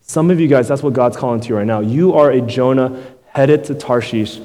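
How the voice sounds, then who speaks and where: Young male pastor, laid-back slangy sermon, warm low-bright tone, hall reverb. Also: fairly quick. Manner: casual slangy preaching, many rhetorical "right?" asides.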